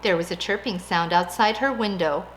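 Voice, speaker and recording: A woman reading a picture book aloud to a child in a gentle, expressive, sing-song way. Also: on the low side, normal speed, a little hiss or hum. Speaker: reader of a bedtime story.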